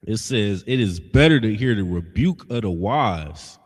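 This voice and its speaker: Male preacher-teacher, animated swooping delivery, blunt and scolding, reverberant hall sound. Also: fairly low pitch, measured pace, husky. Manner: blunt, scolding, emphatic with slangy asides. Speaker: religious teacher. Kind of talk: street-style preaching lesson.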